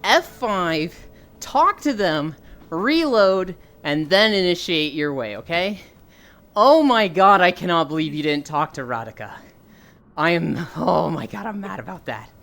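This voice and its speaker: A woman's voice: fairly low pitch, measured pace. A woman streamer chatting casually about a role-playing game, teasing and swearing. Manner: animated, swears and teases. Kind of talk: casual gaming chat.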